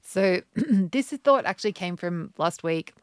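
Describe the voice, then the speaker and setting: A woman's voice: on the low side, lively intonation, a little slow, clean tone, dry recording, studio quality. A woman in her thirties telling a rambling story to her followers, often restarting her sentences. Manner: rambling, self-correcting storyteller. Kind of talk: casual talk to camera.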